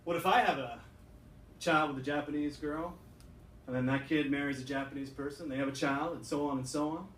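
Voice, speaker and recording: A Canadian man doing a stand-up comedy set, animated and acting out characters, with a laughing audience. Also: a little high, a little fast, a little hiss or hum. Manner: animated, acts out characters in put-on voices. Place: club stage with a laughing crowd. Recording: roomy, distant crowd recording.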